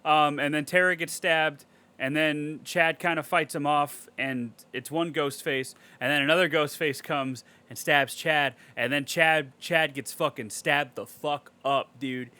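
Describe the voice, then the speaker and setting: A man recapping a movie in a casual podcast chat, excitable and swearing a lot. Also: on the high side, a little slow, clean tone. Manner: excitable, heavy swearing, animated storytelling. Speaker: podcast co-host.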